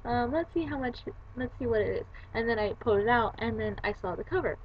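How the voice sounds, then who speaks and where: In a muffled recording with a little hiss or hum, a young woman who vlogs about books recounts her day chattily, acting out quoted voices. Her pitch is fairly high, and she sounds animated and talks a little fast.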